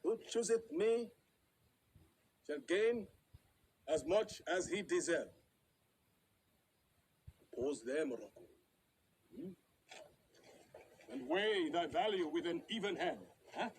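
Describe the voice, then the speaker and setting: An actor playing a proud, regal prince who muses in verse, softly and half-laughing, in a stage drama. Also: male voice, fairly high pitch, animated, takes it slowly, long pauses, slight background noise, rough recording. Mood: musing. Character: proud regal male prince weighing a choice.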